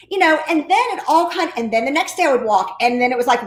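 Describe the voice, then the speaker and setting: A woman telling her story as an interview guest, a real estate agent, talking in a high-energy, enthusiastic way. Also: expressive, quick pace. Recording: roomy echo.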